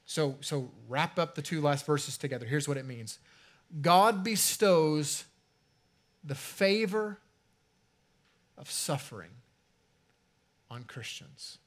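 A man preaching a sermon as a pastor in a conversational way, slowing right down to stress key phrases and trailing off softly at the ends. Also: fairly high pitch.

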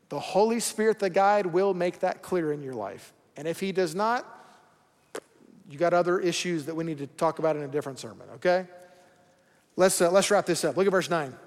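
A man's voice: high-pitched, brisk. A man preaching a sermon in a casual, joking way, acting out quoted voices as he goes. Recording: long hall reverb.

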